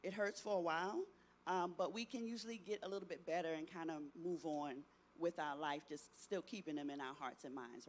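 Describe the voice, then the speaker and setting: A middle-aged youth workshop presenter with a mid-range voice gives an interactive talk to teenagers. The presenter often puts questions to the audience and tags sentences with "right?".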